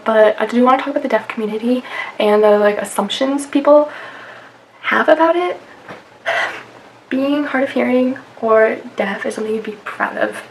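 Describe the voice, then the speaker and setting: A woman's voice: mid-range voice, creaky, poor audio. A young woman vlogging in a casual chat to camera, filling her talk with "like" and "um". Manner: chatty, many fillers and "like". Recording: faint background noise.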